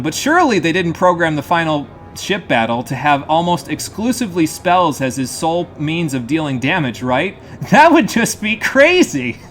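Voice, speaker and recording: A man's voice: fairly high pitch, a bit bright. Joking male game streamer, laughing often. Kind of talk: live gameplay commentary. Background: faint game music.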